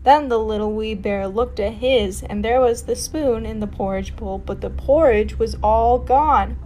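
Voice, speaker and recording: Expressive woman narrating a fairytale. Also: a little high, measured pace. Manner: expressive, emphatic reading. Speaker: guest storyteller. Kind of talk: storybook narration. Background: background music.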